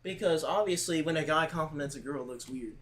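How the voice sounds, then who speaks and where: A man's voice: on the high side, quick pace, a bit bright, poor audio. Rambling earnest young-sounding streamer guy. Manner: rambling, heavy use of "like", repeats himself; earnest, close to tears at times. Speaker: livestreamer talking to chat. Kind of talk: casual livestream monologue.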